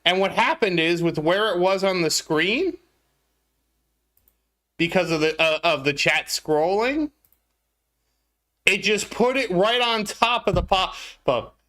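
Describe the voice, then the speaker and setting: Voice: mid-range voice, slow pace, pauses often, fairly bright tone. A game streamer talking casually to live viewers, flustered, apologetic and laughing at their own mistake.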